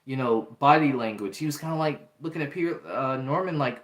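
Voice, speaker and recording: A man talks through a show review in a loose, chatty way, full of fillers and restarts. His pitch sits in the middle. The room around him gives a noticeable echo. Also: normal speed, few pauses. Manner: chatty, many fillers and restarts, acts out quotes. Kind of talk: casual review talk. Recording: roomy echo.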